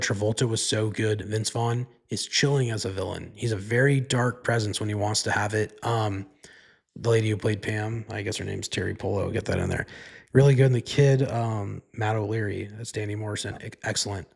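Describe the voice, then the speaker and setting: A man's voice: fairly low pitch, fairly even intonation, moderate pace, vocal fry, breathy edge. A man hosting his own podcast, retelling a film's plot in a loose, rambling, profane way, full of "like" and "right?". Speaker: podcast host. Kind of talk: casual movie recap.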